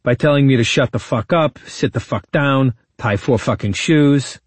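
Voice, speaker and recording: A man's voice: medium pitch, moderate pace, no echo, pitched above the performer's own voice, natural voice. A man voicing a surly, profane courtroom witness. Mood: indignant. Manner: blunt, profane and exasperated. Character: surly defiant male witness on the stand. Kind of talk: quoted testimony in audiobook narration.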